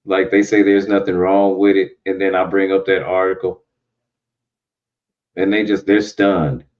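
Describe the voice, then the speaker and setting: A man co-hosting a casual chat show, telling stories and getting animated when he quotes other people. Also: sits low, a little slow. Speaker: co-host. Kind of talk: casual chat about current events. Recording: dull lo-fi sound.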